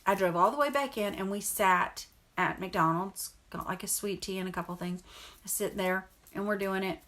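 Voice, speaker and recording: Middle-aged woman vlogger, bright and clear tone, rambling earnest chat to camera. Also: medium pitch, normal speed. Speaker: vlogger and mother. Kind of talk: casual storytelling to camera.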